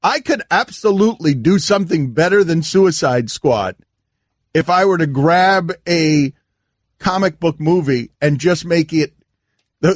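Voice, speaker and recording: A man's voice: high voice, dry recording, studio quality. A man hosting a sports radio show, rambling through ideas in casual banter and laughing often.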